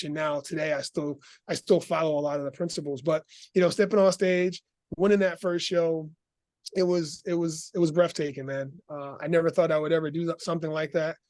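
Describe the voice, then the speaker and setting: A middle-aged man as an interview guest, telling his story in an animated, laughing way. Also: fairly high pitch, fairly quick, dry recording.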